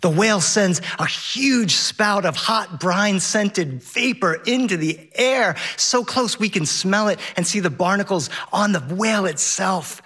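A man telling a personal story on stage to a live audience, animated and lively. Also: high voice, measured pace, hardly any pauses. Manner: animated, shifts into voices of his child and the captain. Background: audience laughter.

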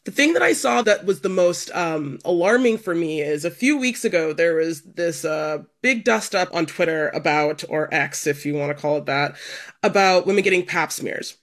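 A woman's voice: fairly low pitch, lively intonation, normal speed. A woman culture writer and critic on a podcast, speaking frankly and with strong opinions, using casual fillers.

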